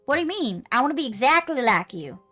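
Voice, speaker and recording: A woman voicing an eager, hotheaded child who pleads excitedly to learn to fight. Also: high voice, quick pace, soft background music, voice pushed up, full character voice.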